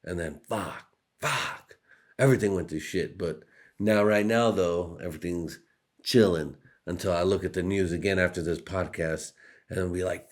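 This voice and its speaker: A young podcast host with a deep voice talks at a normal speed. He delivers a rambling, foul-mouthed comedic monologue, joking around and repeatedly putting on different voices.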